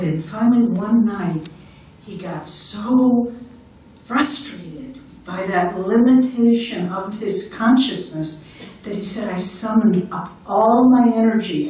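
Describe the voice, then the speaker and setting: A woman's voice: medium pitch, a little mellow. Earnest woman teacher in an echoey hall. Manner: earnest, storytelling, encouraging. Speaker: spiritual director. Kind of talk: spiritual talk with stories. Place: lecture hall. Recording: very echoey hall, mic far off.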